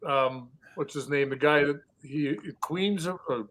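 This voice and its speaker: A man's voice: a little high, unhurried, fairly bright tone. A man in casual podcast chat, blunt and joking, laughing as he retells stories.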